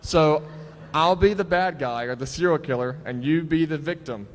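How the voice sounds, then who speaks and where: Brief: young male panel host, slightly high voice, chatty, amplified in a reverberant convention hall with faint murmur. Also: normal speed. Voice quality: chatty, self-deprecating, laughs often. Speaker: panel host running voice acting auditions. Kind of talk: casual convention panel talk. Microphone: handheld microphone. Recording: echoey hall with faint crowd ambience.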